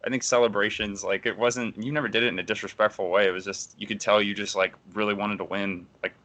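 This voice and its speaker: A man co-hosting a relaxed podcast chat, easygoing and full of slang. His voice sits low but carries a sharp, forceful brightness. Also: fast talker. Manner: laid-back, says dude and man a lot. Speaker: podcast co-host, former volleyball player.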